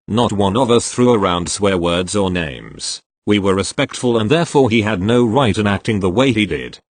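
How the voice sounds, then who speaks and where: A man reading online retail stories aloud with an expressive storytelling delivery. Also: lowish voice, no echo. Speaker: story reader.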